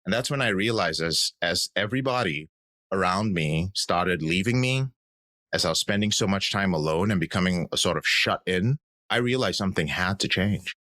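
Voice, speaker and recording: A man's voice: low-pitched, expressive, moderate pace, bright, forceful tone, no room sound. A man in his thirties, a podcast guest, telling his personal story in an earnest, reflective way. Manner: earnest, reflective, acts out quoted voices.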